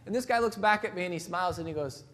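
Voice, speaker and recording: A motivational speaker gives a keynote, telling personal stories in a conversational, self-deprecating way. His voice sits high with a fairly bright tone, and he talks very fast.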